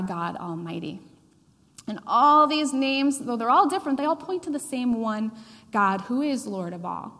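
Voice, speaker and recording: A woman preaching a sermon in a conversational, animated way, with asides to the congregation. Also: on the high side. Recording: long hall reverb.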